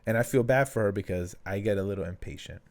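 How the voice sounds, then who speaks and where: A young man co-hosting a podcast in casual chat, telling stories and acting out quotes with sudden high jumps in his voice. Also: fast, vocal fry. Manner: animated storyteller, acts out quotes with big pitch jumps. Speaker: podcast co-host.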